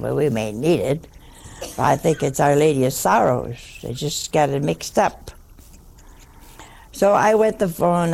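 A woman's voice: sits low, vocal fry, a little mellow. An older woman, a nun, telling a wry anecdote to an audience. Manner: wry, anecdotal, with dry asides. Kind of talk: storytelling talk to an audience.

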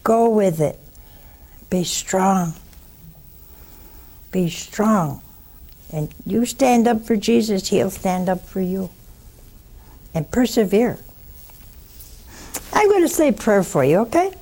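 A woman's voice: medium pitch, very animated, warm tone. An older woman hosting a religious call-in show, blunt and fervent, answering callers. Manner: slow, blunt and fervent, calls callers honey.

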